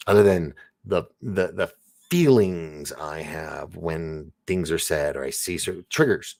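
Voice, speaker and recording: Male live-stream host, deep gravelly voice, casual and self-interrupting. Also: normal speed. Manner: rambling, self-interrupting, laughs often. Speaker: live show host reading chat.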